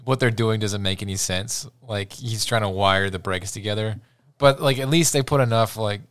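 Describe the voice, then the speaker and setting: A man's voice: fairly low pitch, normal speed, fairly bright tone, smooth, dry recording, clean studio sound. A man co-hosting a casual podcast, talking hesitantly and restarting as he works out his thoughts. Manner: hesitant, many fillers and restarts while thinking aloud. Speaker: podcast co-host. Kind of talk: casual chat.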